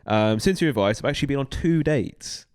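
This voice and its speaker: A man's voice: medium pitch, animated, brisk, a little mellow, no echo, studio quality. A man co-hosting a podcast, laid-back and swearing casually. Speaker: podcast co-host. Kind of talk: casual banter.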